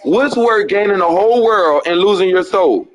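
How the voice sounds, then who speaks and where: Male preacher, high register, insistent and repetitive, addresses a caller directly. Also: animated, moderate pace, slight background noise, poor audio.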